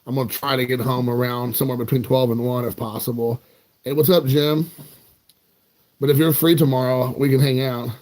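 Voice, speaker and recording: A man's voice: medium pitch, little pitch movement, a little fast, a little mellow. A man in his forties, from the United States, chatting casually with viewers in a rambling, joking, self-mocking way. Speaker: card collecting channel host.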